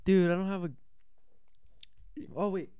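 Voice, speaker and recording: A man's voice: high-pitched, little pitch movement, a little slow, warm tone, smooth, no room sound. A young man co-hosting a casual podcast, playful and self-mocking while playing a card game. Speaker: podcast co-host.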